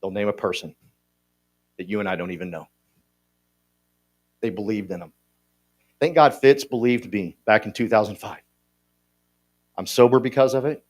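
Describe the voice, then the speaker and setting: A man's voice: lowish voice, moderate pace, long pauses, a little mellow. A man, giving a folksy, joking motivational talk to a conference audience. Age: 50s. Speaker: conference speaker. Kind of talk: motivational speech. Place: conference hall.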